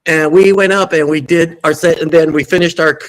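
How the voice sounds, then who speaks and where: A man who is a guest musician, telling lively anecdotes in an interview and acting out the quotes. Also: a little high, fairly quick, poor audio. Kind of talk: storytelling interview.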